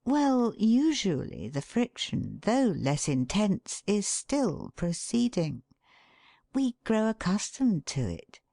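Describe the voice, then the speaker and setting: A woman giving an expressive, measured scripted narration of a book excerpt. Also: mid-range voice, vocal fry, dry recording, studio quality.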